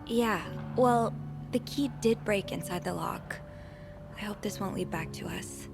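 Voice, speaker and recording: An actress voicing a curious young hotel maid in a mystery video game, wry and talking to herself, over game music. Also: female voice, medium pitch, unhurried, gravelly. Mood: worried. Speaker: game protagonist.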